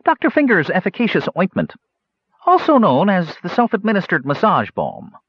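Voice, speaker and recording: A man's voice: high-pitched, wildly swooping pitch, normal speed, slightly rough, dry recording, highs cut off, voice pushed up, full character voice. A man voicing an eager little gnome who rattles off pompous, wordy patter. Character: fussy little male gnome tinkerer, eager.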